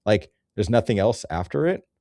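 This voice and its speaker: A man's voice: fairly low pitch, big pitch swings, moderate pace, gravelly, mellow, no room sound. A man hosting a rambling, profane comedy commentary over nature photos, easily sidetracked and loose in his talk. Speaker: host.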